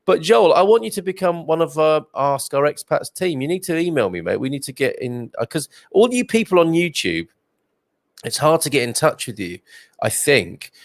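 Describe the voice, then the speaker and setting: A man's voice: a little high, very animated, normal speed, no echo, studio quality. A man hosting a live stream, chatting and reading out viewer comments with rambling asides. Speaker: host.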